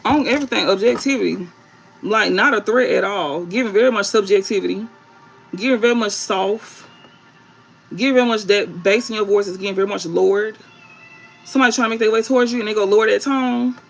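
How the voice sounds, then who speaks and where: Woman tarot reader, mid pitch, gravelly edge, blunt emphatic delivery, repeats her points. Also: brisk, faint music behind, low-quality recording. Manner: emphatic, blunt, repetitive, swears. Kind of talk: spiritual reading to viewers.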